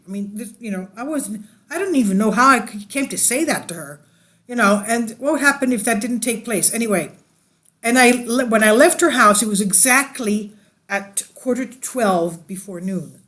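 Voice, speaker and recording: A woman with an alto voice, a church leader telling a personal testimony and reading an article aloud, unhurried and rambling. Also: mid-range voice, a bit bright.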